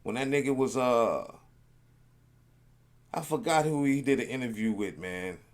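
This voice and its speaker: A man's voice: medium pitch, measured pace. A man hosting a reaction video, chatting casually in a rambling, laid-back, slangy way.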